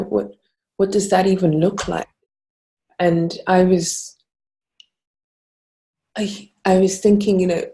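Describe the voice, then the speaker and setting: A woman's voice: lowish voice, creaky, warm tone. A woman sharing in a workshop, hesitant and searching, often repeating words, and close to tears. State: tearful. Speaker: workshop participant. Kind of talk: emotional sharing in an online workshop.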